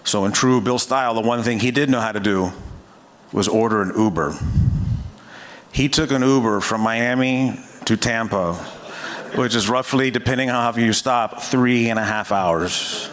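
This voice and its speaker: A fire division chief speaking at a memorial, telling a story in a measured way with frequent hesitations. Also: male voice, medium pitch, a bit bright, slight background noise. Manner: measured, hesitant with many uhs. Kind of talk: memorial speech.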